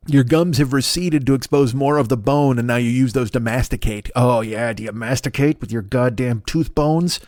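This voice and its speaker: A man in his fifties hosts a rambling comedy monologue at a rapid clip, full of swearing. His voice jumps high for jokes and drops low for asides. The sound is close and dry, with no room in it. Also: a little mellow, no room sound. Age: 50s. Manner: profane, riffing, jumps between wild pitch swings for bits. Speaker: podcast host.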